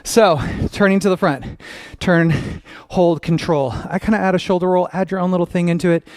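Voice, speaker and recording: Young guy dance teacher, cheery, counts it out, bit high voice, dry close sound. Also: fairly even intonation, normal speed, a little mellow, dry recording. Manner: upbeat, encouraging, counts steps aloud. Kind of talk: dance class instruction with counts.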